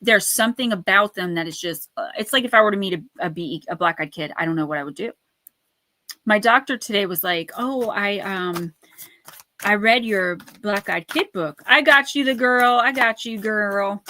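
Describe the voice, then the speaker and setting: A woman's voice: medium pitch, brisk, sharp tone, slight background noise. A woman chatting casually on a livestream, talking straight to her viewers and laughing often while she reads oracle cards aloud. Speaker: livestream oracle card reader and author. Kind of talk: casual livestream chat and card reading.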